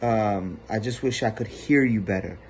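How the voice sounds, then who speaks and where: Guy judging a talent show, lowish voice, chill, faint noise behind. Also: normal speed. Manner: relaxed, filler-heavy critique. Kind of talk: judge feedback.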